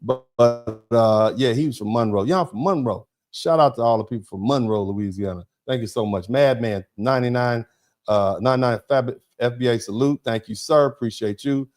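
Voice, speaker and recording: Male livestream host, mid-pitched, chatty and emphatic, halting restarts, reading chat aloud. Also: darkish tone, faint music behind. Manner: conversational and emphatic, with repeated "you see what I'm saying". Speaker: host of a live show, a lawyer. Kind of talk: livestream talk, thanking viewers and reading chat.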